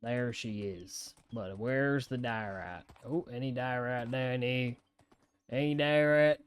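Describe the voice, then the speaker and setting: A man's voice: medium pitch, slow, smooth. Chatty young man narrating his gameplay. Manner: chatty, talks to himself, jumpy excited outbursts. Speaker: gaming content creator. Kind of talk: live let's-play commentary.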